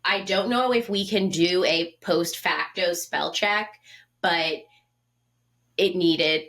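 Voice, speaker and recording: A woman's voice: on the low side, slow, fairly bright tone. A woman in her twenties co-hosting a podcast in casual chat, blunt and wry in how she puts things. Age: 20s. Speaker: podcast co-host.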